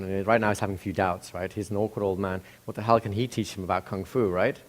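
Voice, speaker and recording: A man's voice: low-pitched, fairly even intonation, fairly quick. A man telling a story in a casual, conversational way, with restarts and asides to the listener.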